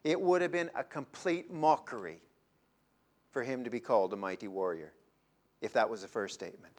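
In a mid-range voice, a man preaches a dramatic sermon, swinging from loud emphasis to hushed, drawn-out phrases.

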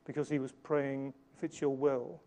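A man preaching a sermon in an earnest way, slowing down and changing his volume to stress key points. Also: medium pitch, level tone, mellow. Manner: earnest, varies volume for emphasis, slows on key lines.

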